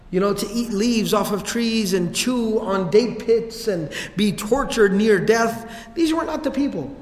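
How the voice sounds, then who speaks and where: A man lectures on religious history in an easygoing, joking manner, dropping slang into his storytelling. His voice sits high. The recording carries the roomy, long reverb of a large hall. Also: a little mellow.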